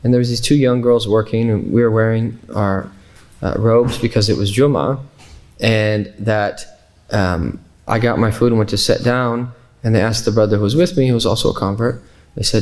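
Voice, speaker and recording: A man's voice: mid-range voice, moderate pace, a little mellow. A man from Kansas City, Missouri, teaching an Islamic class in a loose, conversational way, telling anecdotes with fillers and restarts.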